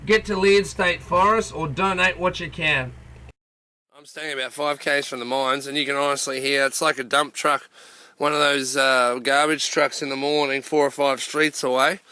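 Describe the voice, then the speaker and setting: A man's voice: on the high side, steady tone, normal speed, pushed and bright. An Australian man giving a blunt, passionate rant to camera outdoors, calling everyone "mate". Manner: blunt, repeats "mate" constantly. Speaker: activist vlogger. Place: outdoors near a coal mine.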